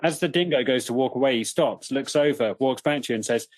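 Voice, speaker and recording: A man's voice: mid-range voice, fast, no room sound. A man narrating an improvised tabletop game as game master, with vivid, joking descriptions.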